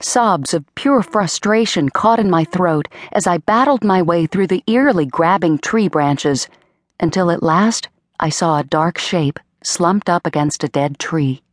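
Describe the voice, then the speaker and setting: A woman narrating an audiobook in a measured, dramatic first-person storytelling manner, on a close studio mic. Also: lowish voice, animated, dry recording. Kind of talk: scripted narration.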